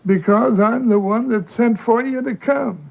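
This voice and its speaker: A shifty ex-judge running a newspaper in an old western film. He talks hesitantly and defensively in a fairly high voice. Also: unhurried, creaky, exaggerated voice, poor audio. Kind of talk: 1970 western film acting.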